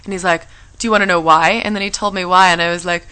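Fast, bright-voiced young woman chatting. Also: lowish voice, fairly even intonation, clear, resonant tone, low-quality recording. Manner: chatty storyteller, acts out quotes. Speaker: radio co-host. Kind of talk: casual chat.

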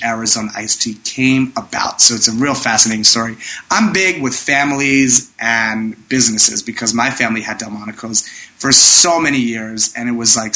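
A very bright, forward-sounding man behind a radio talk show mic, warmly gushing through his shout-outs and plugs. He rambles in a casual, chatty way, then turns earnest when telling his listeners how to behave. His delivery sits at an everyday pitch but cuts through with a sharp, ringing tone. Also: poor audio.

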